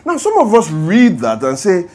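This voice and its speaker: A man preaching a sermon in church. He moves from hushed prayer to loud, animated storytelling. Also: high-pitched, normal speed. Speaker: pastor. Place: church service.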